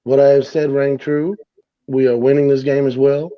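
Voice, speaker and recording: A man's voice: mid-range voice, flat delivery, normal speed, lo-fi sound. A man from South Tampa co-hosting a casual sports podcast, brash and emphatic, swearing freely.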